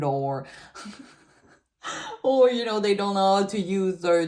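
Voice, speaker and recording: Chatty woman, lowish voice. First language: French. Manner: chatty and giggly, loose filler-heavy talk. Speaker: tarot reader. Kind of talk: casual tarot reading.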